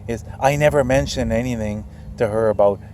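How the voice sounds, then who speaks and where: A man's voice: mid-range voice, brisk, a little mellow, slight background noise. A middle-aged man telling a personal story to his viewers in a casual, rambling, earnest way. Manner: rambling, repeats himself, earnest. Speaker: channel host.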